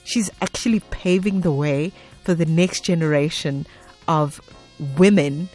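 A woman's voice: low voice, a little slow, a little mellow, soft background music. A woman hosting a radio interview, effusive and smiling as she talks. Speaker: radio host.

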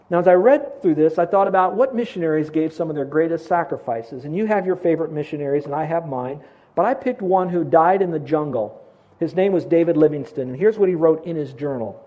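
A man with a fairly high, mellow voice delivers an earnest sermon to his congregation. He preaches directly and often poses questions to his listeners. The recording is slightly muffled and lo-fi. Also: brisk. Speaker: pastor.

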